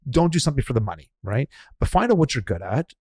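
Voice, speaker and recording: Fast-talking chatty male podcast host. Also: mid-range voice, sing-song, a little mellow, breathy edge, no echo, studio quality. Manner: fast, chatty, restarts and laughs. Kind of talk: casual interview chat.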